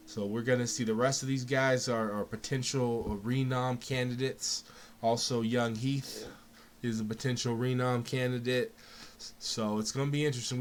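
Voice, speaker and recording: A man hosting a casual live game show, calling results in an excited, jokey way and laughing often. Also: medium pitch. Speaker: host.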